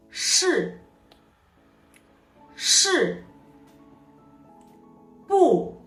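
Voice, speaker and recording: Slow-speaking woman teaching tones. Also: a little high, fairly bright tone. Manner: slow, carefully modeled tone examples. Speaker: Chinese language teacher. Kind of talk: scripted lesson narration. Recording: echoey room from a distance, light music.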